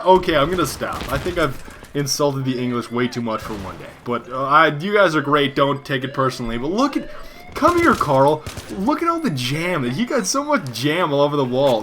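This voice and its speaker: A man's voice: a little high, a bit bright, a little hiss or hum. A man giving joking, rambling gameplay commentary. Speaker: gaming commentator.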